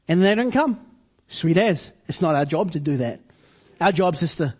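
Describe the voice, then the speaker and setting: A man delivers a sermon. His voice sits high for a man and has a husky, breathy edge. He leans on slow, deliberate repetition to drive his points home. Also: darkish tone. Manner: preaching with slow emphatic repetitions. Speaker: pastor.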